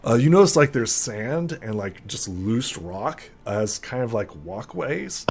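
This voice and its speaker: A man's voice: mid-range voice, big pitch swings, measured pace, creaky, breathy edge. A young man narrating as game master in a tabletop game, rambling with many fillers.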